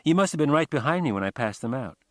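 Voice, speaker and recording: A brisk young woman who once worked as a stage magician's assistant, voiced by a man reading an audiobook. She sounds clearly higher than his own reading voice and talks quick and businesslike. The recording is dry and close, with no room sound. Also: expressive, no room sound, natural voice.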